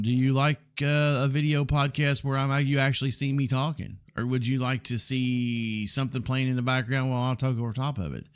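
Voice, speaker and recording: Laid-back Southern man in his forties. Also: mid-range voice. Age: 40s. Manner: rambling, blunt, frequent ums and mild swearing. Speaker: podcast host. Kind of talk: casual solo podcast talk.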